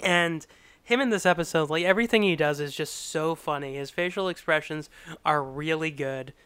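Man, podcast host: crisp bright voice, dry close mic, laughs a lot while recapping. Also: on the high side, moderate pace, no echo. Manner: giggly, animated retelling. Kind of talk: casual podcast chat.

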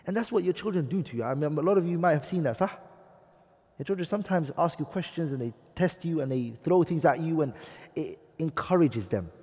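A man's voice: on the high side, warm tone, breathy edge. A man teaching a religious class, lecturing and often asking his audience questions, with Arabic phrases mixed in. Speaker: Islamic studies teacher. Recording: reverberant hall recording.

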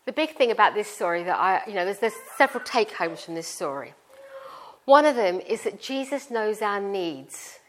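A woman's voice: medium pitch, lively intonation, normal speed, a little hiss or hum. A middle-aged woman with a British accent preaching a sermon in a chatty, informal way, explaining through everyday family stories. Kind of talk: conversational sermon.

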